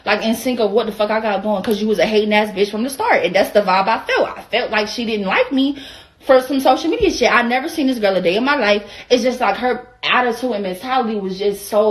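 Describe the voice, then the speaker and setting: A young woman with an Atlanta Southern accent telling a casual, profane storytime rant, acting out the other people's lines in quoted voices. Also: fairly high pitch. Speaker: vlogger.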